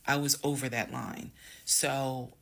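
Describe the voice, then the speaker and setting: Animated gravelly woman telling a story. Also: extremely low pitch, takes it slowly. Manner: dramatic, animated storytelling with acted quotes. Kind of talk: storytime vlog.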